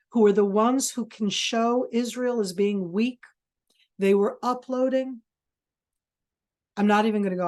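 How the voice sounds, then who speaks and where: A woman's voice: medium pitch, darkish tone. Intense woman speaking in a webinar. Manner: intense, emphatic, with halting restarts. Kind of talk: passionate lecture. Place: video call.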